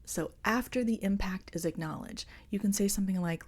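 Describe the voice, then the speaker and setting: A woman hosts a solo podcast in an earnest, confiding tone. Her voice is mellow and warm, sitting at a middling pitch. She coaches her listeners gently, as though talking to a friend. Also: a little fast, hardly any pauses, husky. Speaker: podcast host. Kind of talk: reflective solo podcast talk.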